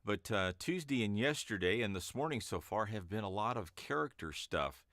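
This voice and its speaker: Chatty low-voiced man in a dry studio. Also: animated, moderate pace, fairly bright tone, no echo. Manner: chatty and rambling, with upbeat lifts on greetings. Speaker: voice-over artist. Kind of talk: casual vlog chat. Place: home broadcast studio.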